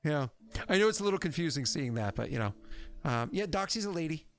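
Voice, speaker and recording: A man's voice: on the high side, expressive, fast talker. A man running a tabletop game on a stream, rambling and chatty with plenty of filler words. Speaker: game master.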